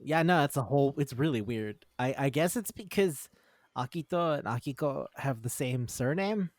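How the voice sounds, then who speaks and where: Excitable swearing man, dry close sound. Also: mid-range voice, moderate pace, dry recording. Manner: excitable, swears freely, acts out characters' lines. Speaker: podcast co-host. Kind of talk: casual chat reviewing manga.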